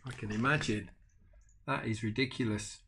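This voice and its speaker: An older man, a grandfather, reading a picture book aloud to his grandchildren with animated asides. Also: mid-range voice, moderate pace, a little hiss or hum. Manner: animated, adds chatty asides to the children. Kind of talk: bedtime storybook reading.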